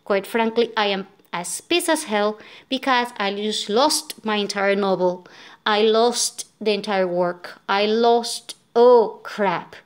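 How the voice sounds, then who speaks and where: Exhausted woman vlogger, venting frustration in a rambling rant, mid-pitched voice. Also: takes it slowly. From Venezuela. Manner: frustrated, venting, many fillers and restarts. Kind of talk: casual storytelling rant.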